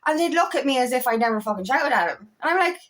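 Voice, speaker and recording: A woman with a fairly high voice gives a casual, heartfelt monologue as a self-love coach. She swears freely and stumbles over repeated words as she thinks aloud. She swings from high, fervent peaks down to low, quiet asides. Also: expressive, fast talker. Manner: emphatic, swears freely, repeats words while finding them.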